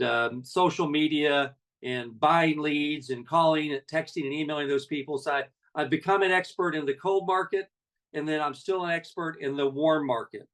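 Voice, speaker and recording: A man's voice: on the high side, a bit bright, distant mic, rough recording. A man in his sixties, a network marketing leader, giving a folksy, conversational motivational talk full of personal stories.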